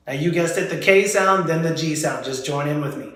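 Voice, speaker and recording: A man teaching young students a drama lesson, leading face, voice and diction warm-ups in an encouraging way and modeling each drill for them to repeat. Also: fairly high pitch, moderate pace. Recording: very echoey room.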